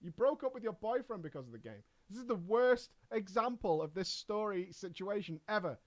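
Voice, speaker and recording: A man with a northern English accent hosting a casual live stream, exclamatory and quick to laugh. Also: sits high. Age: adult. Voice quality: animated, exclamatory, laughs often. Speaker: streamer host.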